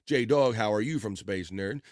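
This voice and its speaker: A man's voice: lowish voice, measured pace, darkish tone, dry recording, clean studio sound. Upbeat man reading live chat. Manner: upbeat, playful, riffs on viewers' names. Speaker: livestream host.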